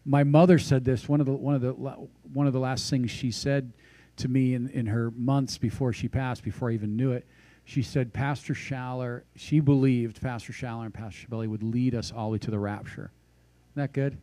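A man's voice: medium pitch, steady tone, fairly quick, warm tone, dry recording. A man preaching a sermon in a conversational way, citing scripture references and adding casual asides. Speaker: pastor.

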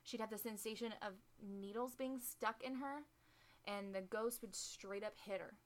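A chatty woman tells a spooky history story in a relaxed, conversational podcast style. She drops in wry jokes and fillers like "um" and "like" as she goes. Her voice sits at an ordinary middle pitch. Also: normal speed. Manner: chatty, joking asides, frequent "um" and "like". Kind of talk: casual chat, storytelling.

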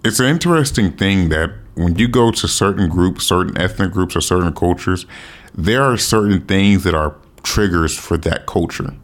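A man's voice: low-pitched, animated, normal speed. A man from the United States giving a casual, rambling opinion monologue, often correcting himself and swearing offhandedly. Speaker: commentator.

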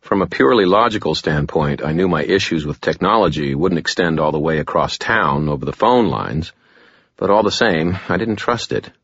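A man narrating a first-person audiobook in a wry, deadpan way. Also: sits low, moderate pace, slightly rough, no room sound, muffled recording.

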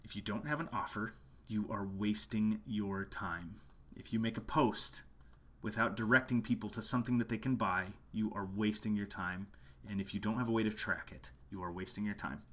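Emphatic bright-voiced man teaching marketing. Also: lowish voice, normal speed. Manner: passionate, emphatic, repeats key points. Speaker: musician teaching online marketing. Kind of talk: casual marketing talk to camera. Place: home, late at night.

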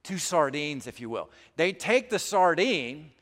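Man, pastor preaching, folksy casual asides, slightly high voice, long hall reverb. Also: very animated, measured pace, a bit bright. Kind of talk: sermon.

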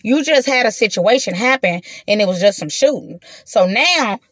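A woman telling a story straight to her viewers in a casual, animated way, swearing freely and acting out what she said at the time. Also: mid-range voice, moderate pace, husky, no echo, studio quality. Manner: animated, profane, acts out her own quotes; talks straight to the audience with slangy asides.

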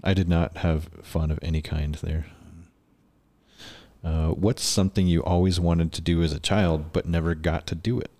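A man's voice: sits low, normal speed. A man chatting casually on a podcast, telling a work story full of swearing and acted-out quotes. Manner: profane, animated storyteller acting out quotes. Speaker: podcast guest.

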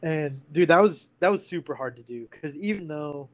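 A man's voice: fairly high pitch, expressive, moderate pace, rough recording. A man in his thirties, a podcast guest candidly telling a personal story in casual speech, full of "like" and "you know".

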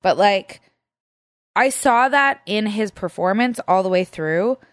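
A woman's voice: mid-range voice, lively intonation, measured pace, no room sound, studio quality. A woman co-hosting a casual film review chat, emotional and gushing, tearful and laughing often.

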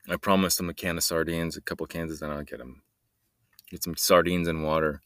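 A man's voice: low voice, fast, a bit bright, no echo, studio quality. A man hosting a solo podcast, rambling and joking in a meandering way and trailing off mid-sentence. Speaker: podcast host.

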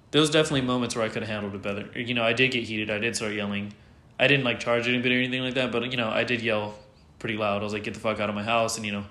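A medium-pitched man with a sharp tone talks candidly as an interview guest in casual conversation, rambling with plenty of filler words and some swearing. The recording has a roomy echo.

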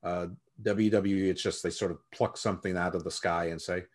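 A man's voice: low voice, fairly even intonation, moderate pace, hardly any pauses. A man guest co-hosting a casual podcast, opinionated, often repeating words as he thinks. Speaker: guest co-host.

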